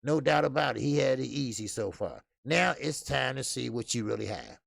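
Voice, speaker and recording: A man's voice: mid-range voice, expressive, normal speed, vocal fry, a bit bright, no echo, clean studio sound. A man hosting a casual boxing talk show, loose and profane, laughing at his own stories. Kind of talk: casual solo boxing commentary.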